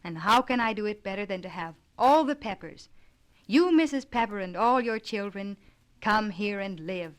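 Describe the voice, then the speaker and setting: A gruff old grandfather, impatient and used to giving orders, as a woman reads him aloud. He talks in a brusque, commanding way, somewhat louder than the storyteller around him. A storybook character in an audiobook. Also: medium pitch, animated, normal speed, natural voice.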